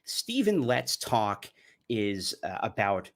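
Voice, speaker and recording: A man with a low voice delivers sardonic, mocking commentary. His pitch swings widely as he jokes through each point. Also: big pitch swings, slow pace. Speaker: commentary YouTuber. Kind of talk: sarcastic commentary.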